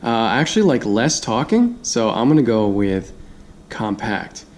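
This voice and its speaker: A man's voice: mid-range voice, big pitch swings, moderate pace, a little mellow. A man giving a casual hands-on product review, chatty, thinking aloud and laughing easily.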